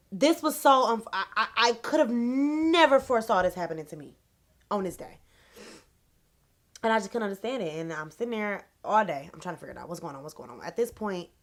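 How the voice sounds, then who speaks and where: Animated woman telling a storytime. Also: mid-range voice. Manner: animated, repetitive, slangy storytelling. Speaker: vlogger. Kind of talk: casual storytime.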